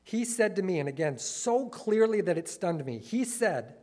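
A man's voice: sits high, very animated, moderate pace, hardly any pauses, warm tone. Earnest man giving a talk. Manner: earnest, with wry asides. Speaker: speaker critiquing a church movement. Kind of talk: lecture-style talk, reading quotes.

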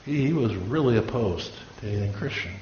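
A man's voice: on the low side, lively intonation, a little fast, darkish tone. Man preaching a story-filled sermon. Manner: storytelling, acts out quoted voices. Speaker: pastor. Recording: echoey room, dull lo-fi sound, faint hiss.

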